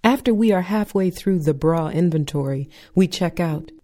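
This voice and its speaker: Woman, wry spoken-word story, mellow lowish voice, deliberate delivery.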